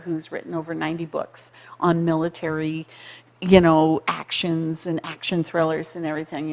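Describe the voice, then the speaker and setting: A woman in her sixties or older from Canada, a conference co-founder telling stories in an animated TV interview and acting out quoted voices. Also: sits low, big-room sound. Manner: lively, acts out quoted voices, laughs often. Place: community TV studio.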